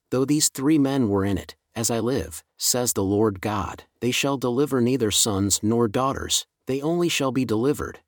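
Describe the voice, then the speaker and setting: A man reading scripture aloud in a measured way, slowing on the solemn refrains. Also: medium pitch, no echo, clean studio sound. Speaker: Bible reader.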